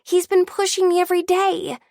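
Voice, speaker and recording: A man's voice: extremely high pitch, flat delivery, a little fast, vocal fry, a little mellow, no room sound, studio quality, pitched above the performer's own voice. A woman voicing a young boy who was bullied and feels wronged, pleading and indignant.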